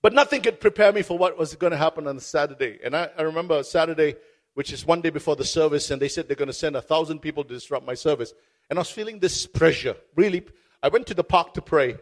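Pastor, male, high-pitched, impassioned sermon storyteller who repeats key phrases. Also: quick pace. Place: stage before a congregation.

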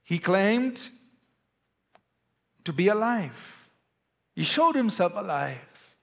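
A pastor with an Indian English accent, preaching a sermon to a church with emphatic, rising and falling delivery. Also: male voice, high-pitched, very animated, extremely slow, vocal fry, pauses often, fairly bright tone.

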